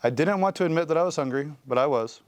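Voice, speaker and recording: Man reading a kids' novel aloud, expressive, smooth resonant voice. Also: on the high side, quick pace, dry recording. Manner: expressive storytelling. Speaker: guest reader.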